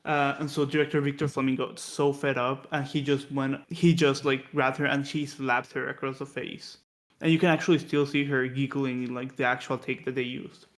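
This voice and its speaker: Guy on a movie podcast telling stories, kinda monotone, rambly with lots of "like". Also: medium pitch, moderate pace. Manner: chatty, storytelling with many restarts and fillers. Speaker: podcast co-host. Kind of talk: casual film discussion podcast.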